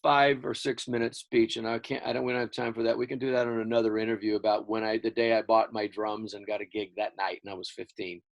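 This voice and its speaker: Older man from Houston, gravelly voice, rambling animated storyteller, interview guest. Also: fairly low pitch, fast talker, hardly any pauses, dull audio. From Houston, Texas. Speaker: guest musician.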